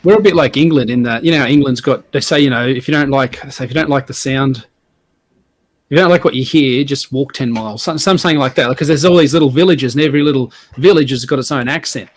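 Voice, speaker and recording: A man's voice: medium pitch, quick pace. An Australian man, a guest on a podcast, chatting casually in an easygoing, rambling way. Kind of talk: casual chat.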